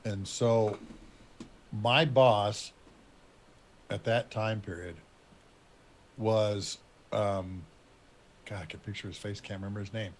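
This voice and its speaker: Middle-aged man, fairly low voice, casual rambling storyteller, pauses to remember names. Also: steady tone, slight background noise. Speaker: retired Air Force officer telling a war story.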